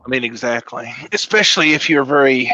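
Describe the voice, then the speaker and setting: A man's voice: medium pitch, expressive, fast, bright, forceful tone, no echo. Crude joking man on a dull mic. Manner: crude, joking, storytelling asides. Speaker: podcast guest. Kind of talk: casual political chat. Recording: dull, dry home mic.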